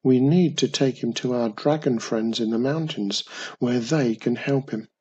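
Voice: mid-range voice, unhurried, dark tone, husky, highs cut off. A reader voicing a young witch in a storybook who scolds her cousin and soothes a baby dragon. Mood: scolding. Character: bossy yet tender young witch woman. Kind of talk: storybook reading.

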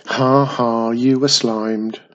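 A man's voice: medium pitch, steady tone, slow pace, dull audio. A man voicing a rude, cackling male slime monster who taunts and giggles in a storybook reading. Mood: mocking.

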